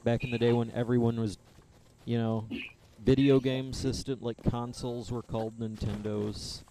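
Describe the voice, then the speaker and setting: A man chatting casually while streaming a game, offhand and relaxed. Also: medium pitch, moderate pace, slight background noise. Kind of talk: casual gaming stream chat.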